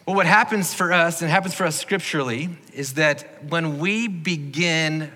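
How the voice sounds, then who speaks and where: A man's voice: a little high, normal speed, sharp tone. A man preaching a sermon as pastor, conversational and encouraging, with small jokes to the congregation. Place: church sanctuary. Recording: long hall reverb.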